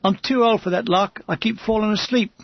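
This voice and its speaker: Weary older gunner, slow and plain, gravelly and husky as a man reads him in an audiobook. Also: high-pitched, steady tone, dry recording, dull audio. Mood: matter-of-fact.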